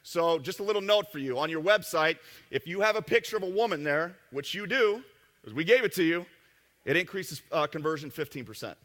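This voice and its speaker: A man giving a live marketing seminar talk to an audience, joking and brash, tossing quick asides to the crowd. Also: on the high side, animated, a bit bright, in a large hall. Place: event room with an audience.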